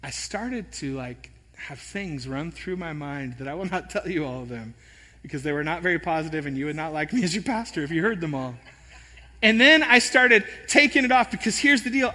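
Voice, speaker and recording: A man pastor preaching a sermon, telling an animated, self-deprecating story. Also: sits high, normal speed. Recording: long hall reverb.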